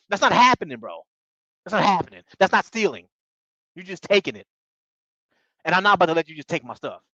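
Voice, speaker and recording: A man recapping a reality show in casual commentary, talking excitably in slang and tripping over his words. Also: high-pitched, no echo, lo-fi sound. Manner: excitable, slangy, repeats bro, stumbles.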